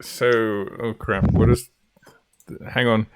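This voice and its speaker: A man's voice: fairly low pitch, steady tone, slow, dry recording, studio quality. A man running a tabletop game as game master, casual and playful, often stopping to correct himself. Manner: rambling, self-correcting, playful.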